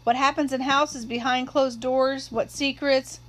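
A woman reading as a dry, sharp-tongued older neighbor. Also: high voice, fairly even intonation, unhurried. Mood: reflective.

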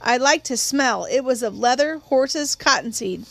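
A woman narrating an audiobook in a measured storytelling voice. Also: high voice, animated, creaky, fairly bright tone, dry recording.

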